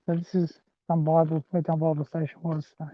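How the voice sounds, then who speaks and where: Here the livestreaming walker sounds a little high and monotone, talking a little fast. He chats loosely with his "guys" while out on a rural rail trail, phone in hand, vlogging as he goes. The recording is dry and thin, like a phone.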